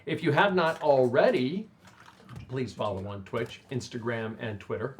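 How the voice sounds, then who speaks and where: A man's voice: mid-range voice, unhurried. A man hosting a tabletop game stream, reading an upbeat welcome and thanking viewers. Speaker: stream host. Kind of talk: scripted stream intro, then casual chat. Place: room with tabletop game group. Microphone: desk microphone. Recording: noisy stream mic.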